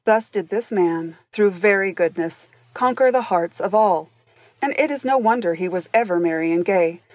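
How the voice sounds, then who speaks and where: A woman's voice: medium pitch, moderate pace, no room sound. Woman narrating a storybook. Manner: gentle storyteller addressing the listener directly. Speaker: audiobook narrator.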